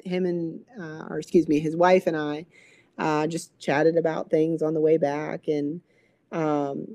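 Animated woman telling a story, warm low voice. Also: dry recording. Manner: animated, acts out quoted voices, many "like" fillers. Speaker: guest, recreational therapist. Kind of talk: emotional storytelling in an interview.

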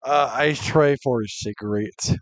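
A man hosting a comedy podcast, answering in a deadpan way with naive questions. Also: mid-range voice, measured pace, no echo. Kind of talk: casual podcast banter.

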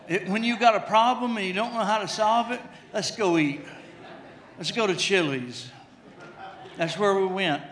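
Humorous storytelling preacher in an echoey church. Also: male voice, sits high, a bit bright. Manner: storytelling with humor, repeats himself. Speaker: pastor. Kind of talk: sermon. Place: church sanctuary.

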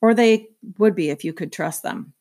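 A woman narrating a children's novel aloud in a steady, clear storytelling manner. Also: medium pitch, moderate pace. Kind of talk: children's book read-aloud.

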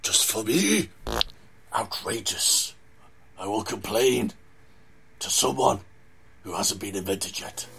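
A man doing a creaky grasping cave dweller. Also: on the low side, expressive, takes it slowly, pauses often, noisy background, exaggerated voice. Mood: whiny. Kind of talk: improv comedy.

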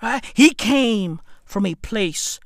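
A man's voice: high voice, expressive, slow pace, gravelly, a bit bright, no room sound, studio quality. A man from Africa, delivering a profane, emphatic comedic rant that circles back on itself and keeps calling the listener bruv.

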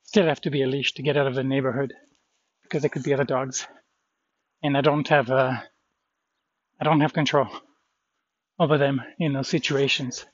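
A man's voice: medium pitch, level tone, moderate pace, pauses often, dry recording, highs cut off. A shaken man rambling about a dog fight, swearing under his breath and trailing off. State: shaken, adrenaline-pumped. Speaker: vlogger. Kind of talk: shaken personal vlog after a dog fight.

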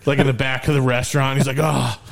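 A man hosting a podcast, telling stories in a lively, casual way and swearing freely. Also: medium pitch, rapid-fire. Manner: animated storyteller, swears freely. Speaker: podcast host.

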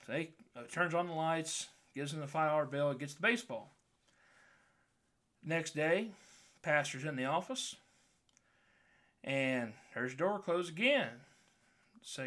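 A man's voice: mid-range voice, moderate pace, a bit bright. A man, a pastor co-hosting a podcast, telling a long joke in a folksy, drawling storyteller way and then signing off. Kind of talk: casual joke telling and sign-off.

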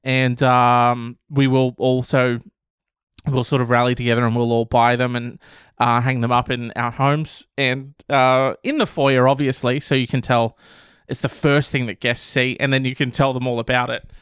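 Sarcastic man with a smooth voice. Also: medium pitch, level tone, normal speed, a bit bright, no echo, studio quality. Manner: sarcastic, swears, laughs often. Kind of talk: casual news commentary.

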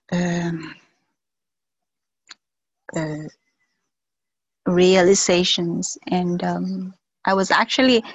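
Woman, video call, slow and halting, lowish voice, dry sound. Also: vocal fry, dry recording, low-quality recording. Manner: slow, hesitant, many fillers and pauses. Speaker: workshop participant sharing. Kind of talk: reflective sharing on a video call.

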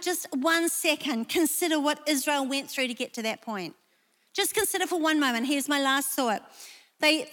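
A woman preaching a lively, emphatic sermon and reading scripture aloud. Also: high-pitched, big-room sound.

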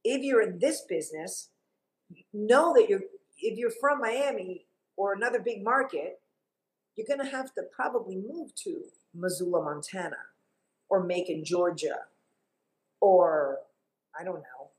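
As a guest in an interview, a middle-aged TV journalist from Cuba recounts things emphatically and with animation. She speaks unhurriedly in a mid-range voice, pausing often, over poor audio.

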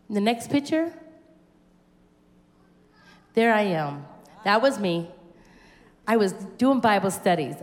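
A very animated woman of medium pitch speaks slowly and pauses often as she delivers a personal testimony at church. Acting out the conversations in her story, she builds to fervent exclamations; the echoey hall gives her voice a long reverb.

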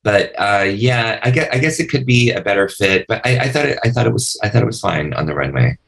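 A man's voice: on the low side, expressive, fairly quick, creaky, fairly bright tone. Campy, chatty male podcast host. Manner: chatty, campy, playful asides. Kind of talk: casual podcast chat.

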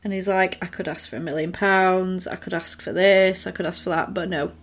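A chatty woman retells a film plot in casual conversation. She slips into the characters' lines as she goes, animated and quick. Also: on the low side. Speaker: podcast co-host recapping a film. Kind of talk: casual chat.

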